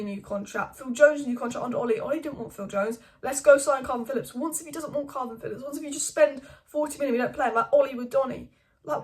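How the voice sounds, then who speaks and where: A young woman hosting a casual football news vlog, giving opinionated, animated takes and firing off rhetorical questions. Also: high-pitched. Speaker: football channel host.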